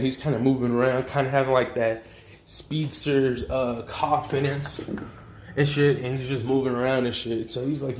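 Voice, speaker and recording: A man hosting his channel casually tells a fan-made what-if story in loose, slangy talk packed with fillers and swearing. His medium-pitched voice has a darkish tone and fairly even intonation at a moderate pace, recorded with a roomy echo and slight background noise.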